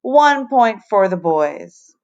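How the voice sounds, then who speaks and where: Lady reading as a strict teacher guy in a kids storybook, firm and measured, lectures the class. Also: medium pitch, sing-song, highs cut off. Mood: stern. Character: stern but kind male schoolteacher.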